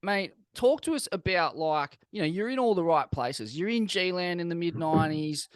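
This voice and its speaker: Australian male host, relaxed reflective chat, dry close sound. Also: a little high, moderate pace, no echo. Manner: laid-back, reflective, swears casually. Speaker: podcast host. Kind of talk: casual interview chat.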